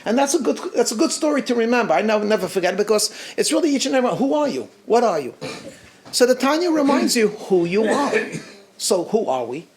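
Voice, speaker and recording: Animated storytelling rabbi, halting restarts. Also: male voice, very high-pitched. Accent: American. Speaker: rabbi giving a talk. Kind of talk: storytelling talk at a gathering.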